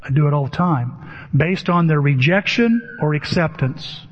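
A man's voice: on the high side, expressive, unhurried. A male pastor preaching a sermon in a conversational way, often asking the audience questions. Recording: dull echoey hall sound.

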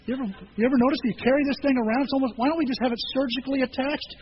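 Pastor preaching, high voice, conversational storytelling with emphatic peaks, dull lo-fi audio. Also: male voice, lively intonation, fast, a little hiss or hum. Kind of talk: sermon.

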